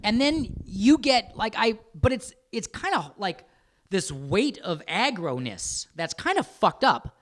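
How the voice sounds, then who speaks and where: A middle-aged man co-hosting a podcast in casual chat, animated and swearing freely, sometimes slipping into jokey put-on voices. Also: sits high, slow pace. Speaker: podcast co-host.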